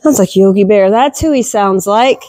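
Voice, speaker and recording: A woman's voice: medium pitch, moderate pace, warm tone, dry recording, poor audio. A woman goat farmer vlogging casually while doing barn chores, talking fondly to her goats and scolding them.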